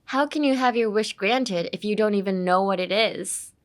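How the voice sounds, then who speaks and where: A woman's voice: mid-range voice, moderate pace, natural voice. A young woman reading lines as a blunt, exasperated teenage boy from an anime. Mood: impatient. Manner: blunt, impatient.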